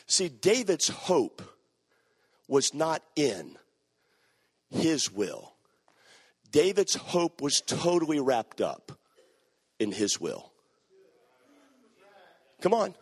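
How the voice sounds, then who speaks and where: A man's voice: a little high, slightly rough, long reverb tail. A man preaching a sermon, emphatic and repeating his key phrases.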